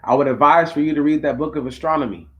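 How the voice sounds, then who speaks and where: A man's voice: a little high, fast, dull audio. A man hosting a talk show, delivering a preachy, conversational monologue straight to his listeners with slang asides. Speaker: podcast host.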